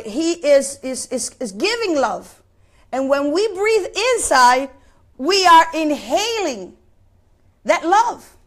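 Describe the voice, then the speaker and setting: Woman preacher, very high voice, sermon delivery, questions to the congregation, halting repeats. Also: a bit bright. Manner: asks the congregation questions, repeats words while searching. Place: place of worship.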